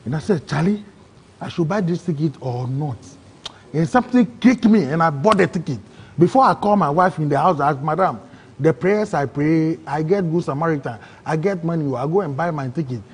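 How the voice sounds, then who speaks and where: Husky high-voiced Ghanaian man. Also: a little fast. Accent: Ghanaian English. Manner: excitable, acts out quoted voices, broken phrasing. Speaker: interview guest. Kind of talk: emotional personal storytelling.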